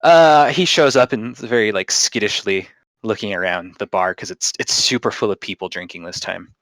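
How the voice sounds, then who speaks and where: A man's voice: lowish voice, moderate pace, fairly bright tone, no room sound, low-quality recording. A man running a tabletop game as game master, narrating loosely and jokingly. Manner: loose, joking, rambling with fillers.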